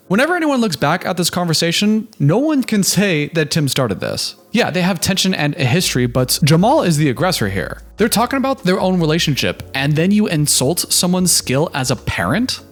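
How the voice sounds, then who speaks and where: A man's voice: a little high, big pitch swings, a little fast, few pauses, soft background music. A man giving sarcastic, incredulous commentary on a reality show. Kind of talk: reaction commentary.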